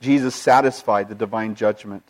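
A man preaching as a pastor. He is earnest, tells personal stories, quotes scripture, and moves between emphatic and hushed delivery. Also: on the low side, steady tone, moderate pace. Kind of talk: sermon.

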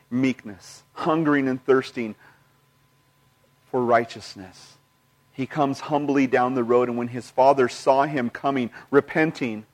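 A man preaching as a pastor. He is earnest, tells personal stories, quotes scripture, and moves between emphatic and hushed delivery. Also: on the high side. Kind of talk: sermon.

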